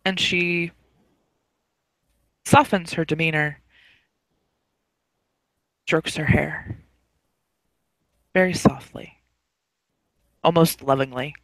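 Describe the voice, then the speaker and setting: Calm man narrating a dark game. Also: a little high, very slow, pauses often, no room sound, poor audio. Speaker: game master. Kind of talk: narrating a tabletop horror game.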